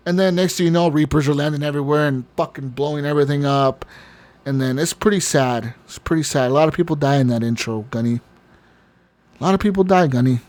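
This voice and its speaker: A man's voice: on the high side, quick pace, a little mellow. A man co-hosting a podcast, telling a long story in casual chat, rambling and profane, often laughing. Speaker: podcast co-host.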